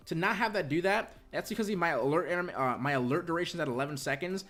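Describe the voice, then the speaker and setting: A young man hosting a casual software tutorial, rambling and checking in with "right?" as he explains, talking from a bedroom. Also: a little high, fast talker, faint music behind. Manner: rambling, repeats "right?" and "you guys". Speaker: video tutorial host.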